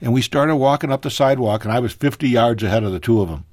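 A man telling a personal story as a guest on a radio talk show, animated, his voice leaping higher at emotional moments. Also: fast talker, no echo, clean studio sound. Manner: animated, pitch jumping high in emotional moments.

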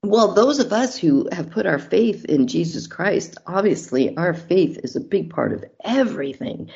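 A middle-aged woman talks candidly as an interview guest, telling personal stories from her marriage. Her voice sits a little low and has a mellow, warm tone. The recording sounds slightly dull and lo-fi. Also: animated, normal speed, vocal fry. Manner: candid, storytelling, faith-based. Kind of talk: casual interview talk.

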